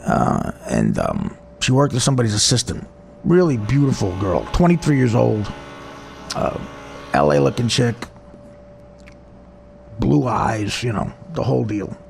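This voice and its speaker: A man's voice: medium pitch, sing-song, unhurried, creaky, long pauses, a little mellow, a little hiss or hum. A man with a New Jersey accent, a comedian telling a personal story in a rambling, profane, self-mocking way.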